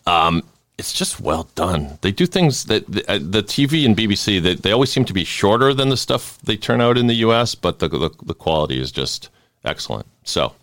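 A man's voice: fairly low pitch, very animated, fairly quick, a bit bright, no room sound. A man from hosting a podcast in a rambling, stammering, jokey way. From Boston. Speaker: podcast host. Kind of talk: casual podcast chat.

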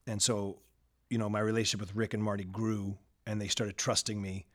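A man's voice: fairly low pitch, flat delivery, brisk. A man hosting an interview, telling a personal story and acting out the lines he quotes before asking his question. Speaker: host.

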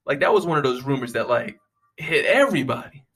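A man's voice: medium pitch, brisk, husky. A young man, casually rambling and joking with lots of profanity. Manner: profane, joking, animated storytelling.

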